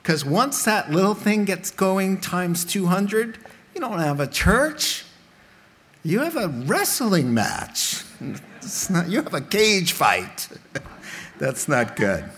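A man preaching a sermon in a church, animated and humorous, making direct appeals to the congregation. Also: high voice, slow. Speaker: pastor. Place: church sanctuary.

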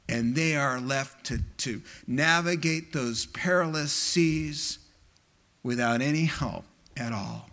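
A pastor preaching a sermon with impassioned, emphatic delivery, climbing into high quoted exclamations. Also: male voice, takes it slowly, a bit bright.

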